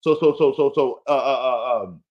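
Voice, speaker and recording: On his fantasy football show, a man with a mid-range voice and moderate pace rants casually, emphatically repeating warnings and pleading with a listener. He's playful and laughs at himself, though the audio sounds dull.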